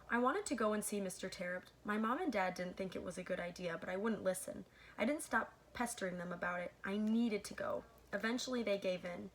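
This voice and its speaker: A woman reading a children's novel aloud as the host of her own read-aloud channel. She corrects her own slips mid-sentence and pauses to add asides to her listeners. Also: mid-range voice, slight background noise. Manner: stops to comment to listeners between passages.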